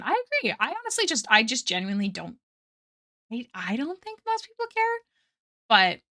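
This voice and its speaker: A woman's voice: on the high side, bright, forceful tone. A young woman streaming her art, chatting casually and rambling with frequent laughs while reading chat aloud.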